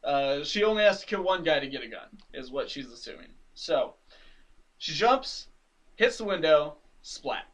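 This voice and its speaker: Animated man recapping a comic. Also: on the high side, normal speed, recorded from a distance, poor audio. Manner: animated, laughs often, acts out characters' lines. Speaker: podcast co-host. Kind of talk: casual chat, recapping a comic.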